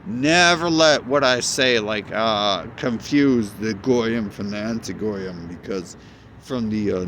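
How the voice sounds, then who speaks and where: A man's voice: fairly low pitch, slight background noise. A man in a rambling, agitated monologue, cursing often and jumping between ideas.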